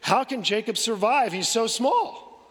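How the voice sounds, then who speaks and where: A man's voice: extremely high pitch, animated, measured pace. A man preaching a sermon as pastor, earnest, asking rhetorical questions and restarting his phrases. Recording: long hall reverb.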